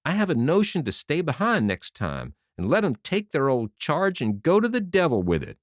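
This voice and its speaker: A man's voice: fairly high pitch, wildly swooping pitch, moderate pace, no echo, clean studio sound, pitched above the performer's own voice. A man voicing an aggrieved, hot-tempered young male soldier who speaks in folksy slang. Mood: indignant.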